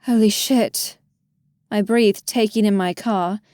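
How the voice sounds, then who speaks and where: A woman's voice: medium pitch, steady tone, takes it slowly, darkish tone, no echo. A woman narrating a story in first person with a wry, self-deprecating inner voice, close to the mic. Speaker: audiobook narrator.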